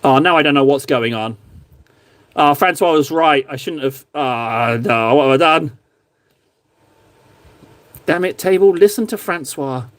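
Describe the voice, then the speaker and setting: Seated at his hobby desk, an English livestream host paints miniatures and chats casually with viewers. His slightly high, somewhat bright voice is recorded close and dry without room sound, and he rambles unhurriedly with long pauses, joking loosely at his own expense.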